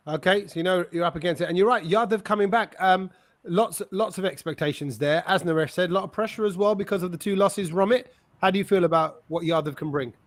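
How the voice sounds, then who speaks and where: Chatty guy hosting a fan show, high voice, super dry sound. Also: fast, no room sound. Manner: chatty, upbeat, reads out viewer messages. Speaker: host.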